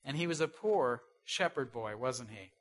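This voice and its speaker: A man preaching a sermon who asks rhetorical questions and swings between loud stresses and soft asides. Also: mid-range voice, animated, moderate pace.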